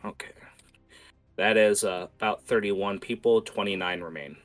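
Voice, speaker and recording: A man narrating as game master of a tabletop game, casual and halting with lots of fillers. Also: on the low side, soft background music.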